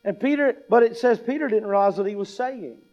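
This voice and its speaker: A man with a high voice preaches a sermon. He is emphatic, repeats his key lines and puts questions to the congregation. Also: brisk, muffled recording. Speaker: pastor.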